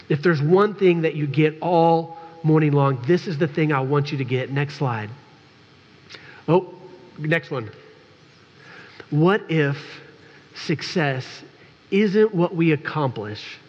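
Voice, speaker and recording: Candid joking pastor in a reverberant church. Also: male voice, on the high side, darkish tone. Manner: candid, joking, speaks straight to the congregation. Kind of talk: conversational sermon. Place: church sanctuary. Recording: dull recording with long church reverb.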